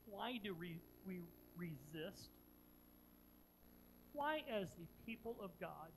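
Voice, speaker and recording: A mid-range-voiced pastor preaches, telling a story with dramatic flair and repetition, his delivery rising to loud emphasis and dropping to quiet, heartfelt questions. The recording is rough, with slight background noise.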